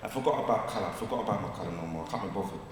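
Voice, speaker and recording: A man speaking at a community forum, telling stories in lively slang and often asking if people follow him. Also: low voice, racing, slight background noise. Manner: lively, storytelling, slangy, asks "you get me?". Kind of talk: animated community discussion. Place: large community hall. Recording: echoey hall, distant mic.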